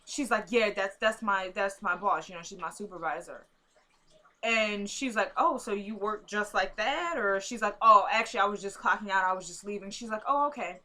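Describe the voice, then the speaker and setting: A woman's voice: medium pitch, normal speed, bright, forceful tone. A woman in a casual vlog, chatting to her viewers in slangy style as she retells a TV episode and acts out the characters' lines. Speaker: vlogger recapping a TV episode. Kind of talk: casual recap chat. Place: at home.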